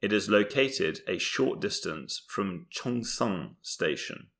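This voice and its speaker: Young man from Britain, low pitch, bright tone, casual comedic podcast chat, rambling and self-mocking. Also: animated, slow. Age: young adult. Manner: rambling, self-mocking, with frequent ums and laughs. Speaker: podcast co-host.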